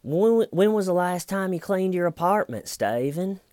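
Man putting on a male detective voice, high-pitched, whiny, mocking, scolding. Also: expressive, normal speed, a little mellow, no room sound. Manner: exaggerated mocking high whine.

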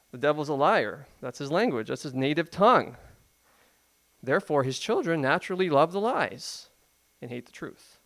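A pastor preaching a sermon in a conversational, emphatic way, full of rhetorical questions. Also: male voice, fairly high pitch, very animated, moderate pace, a bit bright.

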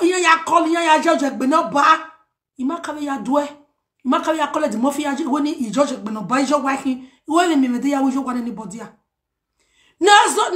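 A woman with a Nigerian accent delivering a heated, animated message to camera, mixing pidgin with a local language. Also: sits high. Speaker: social media personality. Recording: roomy echo.

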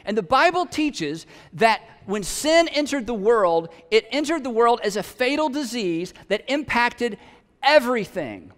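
High-voiced pastor in a reverberant hall. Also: male voice, big pitch swings, a little slow, a bit bright. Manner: conversational and humorous, with emphatic peaks. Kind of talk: sermon.

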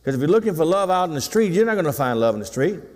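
A man's voice: on the high side, big pitch swings, rapid-fire, a little mellow. A pastor in his sixties preaching a sermon in a folksy, teasing way, calling for responses from the congregation. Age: 60s. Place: church sanctuary. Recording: long hall reverb.

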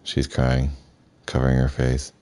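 Very deep-voiced man reading a game aloud. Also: unhurried. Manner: reads the subtitles aloud flatly, with asides. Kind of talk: casual live-stream narration of a game.

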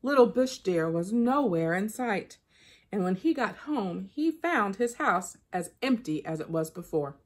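Lively woman reading a children's story. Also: mid-range voice, unhurried. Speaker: storybook reader. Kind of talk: reading a children's picture book aloud.

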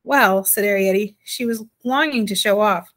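A woman reading a chapter of a children's novel aloud in a steady, gently expressive storytelling voice. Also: medium pitch, moderate pace. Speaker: audiobook reader.

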